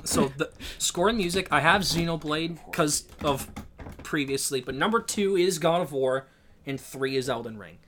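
A man co-hosting a casual podcast, ranting in an animated way and swearing freely. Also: on the high side, normal speed, a little hiss or hum. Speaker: podcast co-host. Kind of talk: casual chat.

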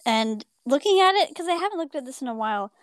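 A woman co-hosting a podcast in casual chat, bubbly and quick to laugh and agree. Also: sits high, lively intonation, dry recording, clean studio sound. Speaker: podcast co-host.

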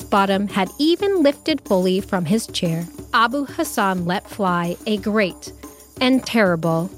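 A woman storyteller reading a scripted children's story aloud in a lively, expressive way. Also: mid-range voice, unhurried, faint music behind.

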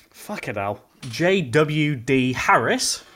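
A man's voice: on the high side, big pitch swings, slow, fairly bright tone. Rambling swearing man hosting a podcast. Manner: rambling, swears a lot, fillers of "like". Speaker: podcast host. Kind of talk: casual chat.

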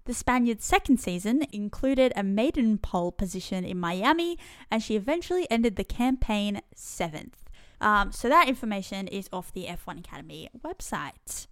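A woman's voice: mid-range voice, animated, moderate pace, no room sound, clean studio sound. A woman with an Australian accent co-hosting a casual podcast, reading out facts and giggling as she apologizes for mispronouncing names. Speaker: podcast co-host. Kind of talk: casual chat.

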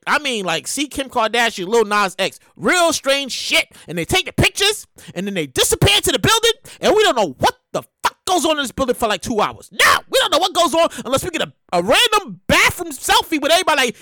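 A podcast host rants in a comedic monologue, his voice swinging wildly up and down. He talks in a high, sharp register, repeats himself for effect and swears freely. The recording is close and dry. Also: fairly quick, no echo. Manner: animated, repetitive, profane. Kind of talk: ranting comedic commentary. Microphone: podcast mic.

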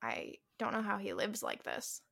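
A woman's voice: mid-range voice, big pitch swings, normal speed, vocal fry, a bit bright, husky. A woman co-hosting a podcast from a home office, chatting casually and frankly. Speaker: podcast co-host. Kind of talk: casual chat.

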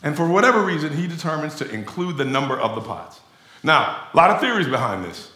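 A man preaching a sermon as pastor, talking to the congregation in an animated, conversational way. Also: fairly high pitch, a little fast, echoey room. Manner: animated conversational preaching, addresses crowd as y'all.

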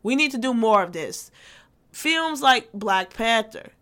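A woman's voice: fairly high pitch, expressive, measured pace, a bit bright. A woman in her twenties talking casually as a vlogger, loose and profane, often restarting her sentences. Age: 20s. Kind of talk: casual chat.

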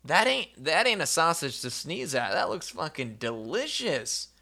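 A man from the United States co-hosting a podcast in casual chat, loud and joking with lots of swearing. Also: a little high, very animated, measured pace, creaky. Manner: loud, swearing, jokey interjections. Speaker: podcast co-host.

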